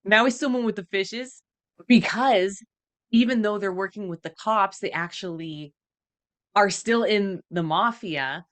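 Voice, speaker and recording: A woman's voice: mid-range voice, measured pace. A woman co-hosting a podcast in casual chat, rambling and giggling as she guesses her way through a plot. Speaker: podcast co-host.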